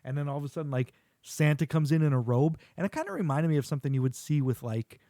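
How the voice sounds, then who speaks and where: A fast-talking middle-aged man with a voice on the high side hosts a podcast, eagerly recapping a show in casual chat. He tells it animatedly, acting out quotes and laughing often, in clean studio sound with no room sound.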